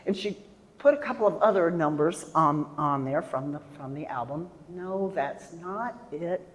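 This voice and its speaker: A woman in her seventies telling a personal story on stage, animated and acting out the voices of the people in it. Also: deep voice, a little slow. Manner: animated, acts out voices and sings snippets. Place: festival stage in a hall. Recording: long hall reverb.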